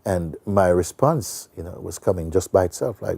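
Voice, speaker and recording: Low, gravelly, very dark male voice. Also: brisk, no room sound. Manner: soft-spoken, relaxed, many fillers. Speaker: spiritual teacher. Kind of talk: storytelling talk.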